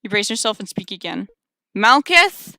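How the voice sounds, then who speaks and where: A woman's voice: medium pitch, fast, a bit bright, clean tone, no room sound. A woman streamer reading a visual novel aloud with playful, wry asides, on a close mic over faint game music.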